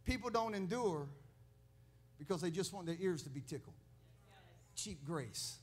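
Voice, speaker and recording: Male pastor, high pitch, storytelling sermon that climbs to shouted emphasis. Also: lively intonation, brisk. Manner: storytelling with laughs, rising to loud preaching.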